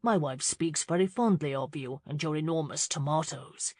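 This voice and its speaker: A woman's voice: low-pitched, normal speed, dark tone, dry recording. A woman voicing a jovial, gallant male marquis.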